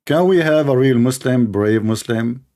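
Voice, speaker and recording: A man's voice: medium pitch, normal speed, mellow. Sarcastic man taunting callers. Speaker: debate show host. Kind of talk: confrontational call-in debate.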